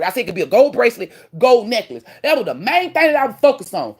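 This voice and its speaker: A woman's voice: a little high, very animated, fairly quick, husky. A woman streaming live as a self-styled spiritual teacher, lecturing bluntly with heavy swearing and bragging about her own gifts. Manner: blunt, profane and boastful; preachy, lecturing tone. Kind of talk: livestream rant.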